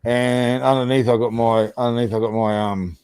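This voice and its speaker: A man co-hosting a casual livestream from a computer mic on a video call, loud and sweary, laughing often as he tells stories. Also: mid-range voice, little pitch movement, moderate pace, clear, resonant tone, no echo. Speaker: livestream co-host.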